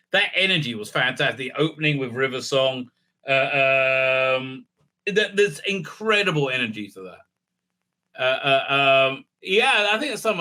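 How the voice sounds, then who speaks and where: A man's voice: medium pitch, pushed and bright. A man giving rambling, sarcastic solo commentary, full of fillers and restarts. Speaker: video commentator.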